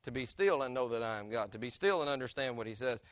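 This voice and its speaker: A man's voice: mid-range voice, animated, quick pace, no echo, lo-fi sound. A middle-aged man, preaching a sermon as a pastor in a conversational, earnest way that keeps asking his congregation direct questions. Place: church sanctuary.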